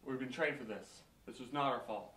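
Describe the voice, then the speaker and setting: A man's voice: medium pitch, fairly quick, bright, forceful tone, far from the mic, slight background noise, lightly acted. A man playing a composed operator who keeps a hidden world under watch, recorded in an echoey room away from the mic. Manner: level, composed, businesslike. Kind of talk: amateur short film acting.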